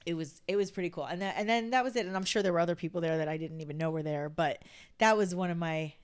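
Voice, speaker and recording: Brief: fifties woman from New Jersey, chatty podcast guest, animated storyteller with lots of "like.". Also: on the low side, fast talker, smooth. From New Jersey, USA. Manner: animated, acts out quotes, many fillers of "like". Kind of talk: casual anecdote storytelling.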